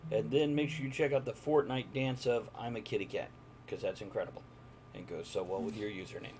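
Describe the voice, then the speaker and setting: A man's voice: on the low side, steady tone, brisk, a little mellow, slight background noise. A man narrating a live-streamed tabletop game as game master, chatty and jokey, chatting with viewers in between.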